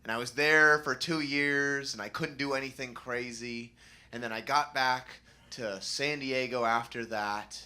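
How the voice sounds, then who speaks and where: A young man doing stand-up storytelling, animated and jumping into high squeaky voices for the people he quotes. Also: a little slow. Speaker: stand-up comedian.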